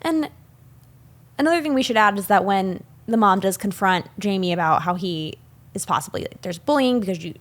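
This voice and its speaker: Woman podcast co-host, lively pitch, casual film chat, small room mic. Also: normal speed. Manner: animated, recounting scenes with quoted lines. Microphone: studio microphone.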